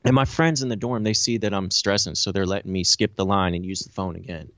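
A man's voice: deep voice, fast, no room sound, highs cut off. A man telling a raw personal story. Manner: animated, profane, filler-heavy storytelling. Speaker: interview guest.

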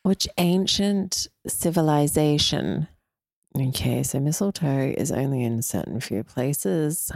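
A woman co-hosting a casual quiz, playful and quick to laugh. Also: deep voice, animated, vocal fry, a little mellow, dry recording, clean studio sound. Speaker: quiz co-host.

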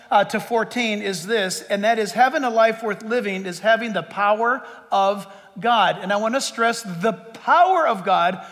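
Middle-aged male pastor, high bright voice, chatty joking sermon, long church reverb. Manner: conversational, joking with the congregation. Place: church sanctuary.

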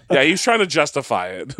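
A man's voice: a little high, a bit bright. A man co-hosting a podcast, joking and laughing as he talks. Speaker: podcast co-host. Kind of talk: casual chat.

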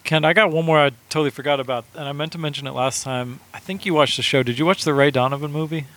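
A man's voice: fairly high pitch, a bit bright. A man on a podcast chatting casually and keenly about a film he loved. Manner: quick, enthusiastic, repeats words. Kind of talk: casual chat.

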